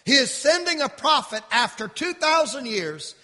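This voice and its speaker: A man preaching a sermon in an impassioned style, rising to shouts and dropping to a low, quiet delivery. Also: sing-song, moderate pace, big-room sound.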